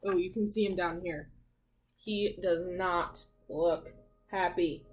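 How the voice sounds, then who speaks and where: A woman teacher reading a picture book aloud to children, gently explaining words and asking them questions. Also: on the low side, steady tone, takes it slowly.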